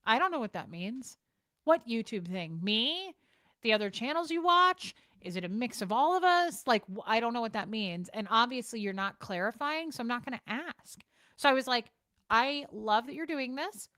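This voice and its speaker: A woman's voice: on the high side, very animated, bright, forceful tone, dry recording. A woman hosting a casual livestream chat, blunt and profane, talking to her viewers from a home streaming setup. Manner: blunt, profane, fast-shifting delivery. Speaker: livestream host.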